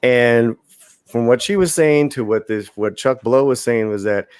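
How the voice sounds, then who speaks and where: A man's voice: mid-range voice, measured pace, a little mellow, clean tone, no echo, studio quality. A man on a review roundtable, speaking hesitantly with lots of fillers. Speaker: panelist.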